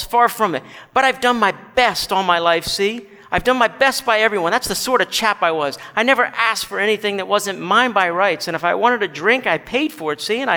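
A man's voice: high voice, bright, forceful tone, pitched above the performer's own voice, heavily acted. A man voicing a self-righteous male ghost who grumbles and insists on his rights. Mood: boastful. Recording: long hall reverb.

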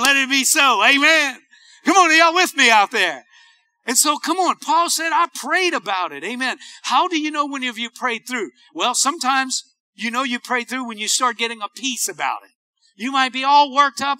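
Pastor, man, fervent call-and-response preacher, very high and piercing voice. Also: sharp tone, no echo. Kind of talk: sermon.

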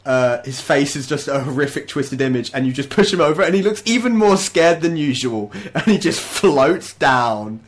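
A young man narrating as game master, halting with many fillers and laughing often. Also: a little high.

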